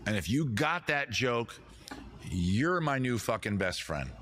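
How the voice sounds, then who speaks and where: A man's voice: medium pitch, sing-song, measured pace, a bit bright, slight background noise. A man hosting a live comedy stream with a guitar, rambling, self-mocking and giggling at his own jokes. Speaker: host.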